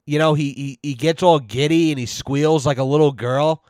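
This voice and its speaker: On the high side and a little mellow, the host's voice stays fairly even at a moderate pace, recorded dry in studio quality. His mock-serious rant on his own show is full of swearing and repeated "you know"s.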